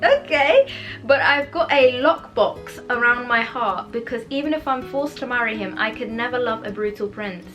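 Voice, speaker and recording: A woman chatting casually about books she has bought, bubbly and giggly, with animated outbursts. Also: on the high side, moderate pace, hardly any pauses, soft background music. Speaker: book vlogger. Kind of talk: casual book haul chat.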